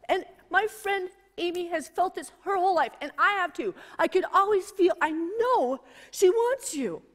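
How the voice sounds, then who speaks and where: A woman preacher telling a personal story in a sermon, swinging between intense, emphatic delivery and hushed, softer passages. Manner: emotional, building to high intensity and dropping to hushed tones. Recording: long hall reverb.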